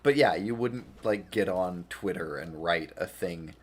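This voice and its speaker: In a deep voice and at a measured pace, a weary game streamer chats loosely with his audience. He laughs a lot and wanders from topic to topic, often running himself down.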